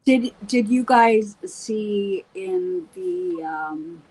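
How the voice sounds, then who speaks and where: A woman in her fifties from the United States, a guest speaking slowly and hesitantly in casual chat. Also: mid-range voice, darkish tone, slight background noise, poor audio. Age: 50s.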